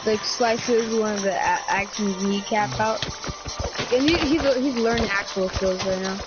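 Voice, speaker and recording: Girl tossing quick moves into a roleplay story, muffled, loud music under it. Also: mid-range voice. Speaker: roleplay partner. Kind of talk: improvised roleplay.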